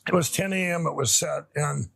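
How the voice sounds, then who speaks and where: A middle-aged man with a gravelly, husky voice, pitched a little high for a man, recounts his story in a rambling, heartfelt way. He restarts often and circles back, and the recording is close and dry. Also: fairly even intonation, normal speed, fairly bright tone, dry recording. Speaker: interview guest. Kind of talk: conversational storytelling.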